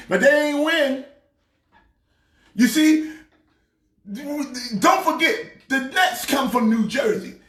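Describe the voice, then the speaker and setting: A man playing a loud, excitable pastor ranting about sports teams. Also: extremely high pitch, reverberant, heavily acted. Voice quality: preachy, shouting rant. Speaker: comedic sports pastor character. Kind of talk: comedic sports rant.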